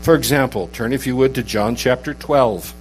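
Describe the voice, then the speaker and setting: A man's voice: medium pitch, normal speed, slight background noise, rough recording. A man preaching a conversational sermon, reading scripture aloud with rising emphasis. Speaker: pastor.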